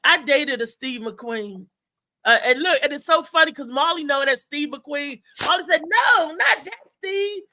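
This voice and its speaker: A woman hosting a live talk show, chatting casually and telling rambling stories with a lot of laughter. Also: sits high. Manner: animated rambling storyteller, laughs often.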